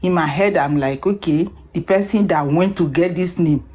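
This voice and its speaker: An emotional woman on the line, close to tears, her voice pitched somewhat low. She speaks earnestly and pleads her point. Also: moderate pace, warm tone, slightly rough.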